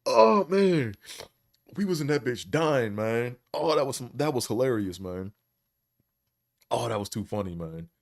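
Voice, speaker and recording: A man's voice: mid-range voice, very animated, measured pace, vocal fry, pauses often. A man telling funny stories from his life in a loose, casual way, often breaking into laughter and tagging lines with "man". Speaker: podcast host. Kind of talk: casual storytelling.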